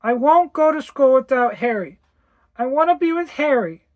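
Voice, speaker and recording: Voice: sits high, animated, unhurried, pitched above the performer's own voice. A reader voicing a sad, stubborn little adopted girl in a ghost story, pleading and cold. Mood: tearful.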